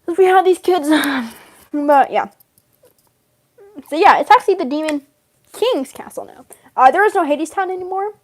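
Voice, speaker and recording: Giggly high-voiced young woman rambling. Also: animated, moderate pace, long pauses. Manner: giggly, rambling, lots of fillers and laughs. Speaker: vlogger role-playing a game character. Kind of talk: casual in-character rambling.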